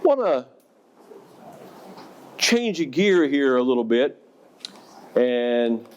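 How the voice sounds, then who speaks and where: A former school principal tells stories and poses questions to the audience during a professional development talk for educators. His medium-pitched voice is animated, with drawn-out words, cut-off highs and slight background noise.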